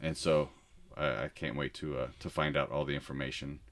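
A man's voice: rumbling low, steady tone, fairly quick, a bit bright. A man hosting a casual interview, friendly and jokey, laughing often. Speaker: host.

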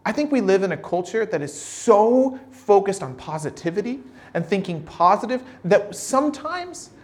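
A man giving a sermon as pastor of his church, talking in a relaxed, halting way with many restarts and telling stories with animation. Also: sits high. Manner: animated storyteller.

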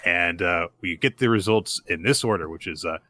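A man co-hosting a podcast, recapping manga chapters in casual chat, who often jumps into a high voice to act out characters' lines. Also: normal speed, bright, forceful tone, no room sound. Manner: restarts and fillers. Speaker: podcast co-host.

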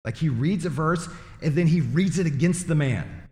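Speaking to his congregation with dry humor at his own expense, a pastor keeps his sermon conversational. His voice is a little high and dark in tone, at a moderate pace, and it echoes through the church hall.

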